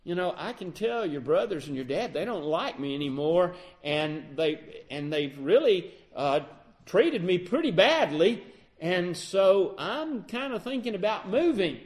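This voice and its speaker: A man's voice: sits high, very animated, measured pace. A man voicing a weary shepherd who complains of being treated badly, in a spoken Bible story. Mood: worried. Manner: complaining, defensive. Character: wronged, weary male shepherd, son-in-law.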